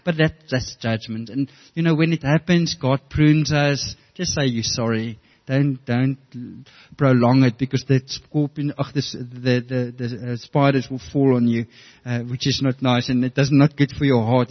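A man's voice: mid-range voice, lo-fi sound. A middle-aged man preaching a sermon, earnest and storytelling, often restarting his words. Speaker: pastor.

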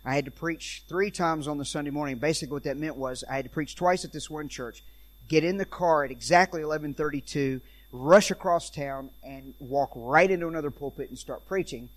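A man preaching in a church, telling animated stories and acting out the people in them. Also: on the high side, fairly quick. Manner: animated storyteller, acts out quoted voices. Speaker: traveling preacher and speaker on parenting.

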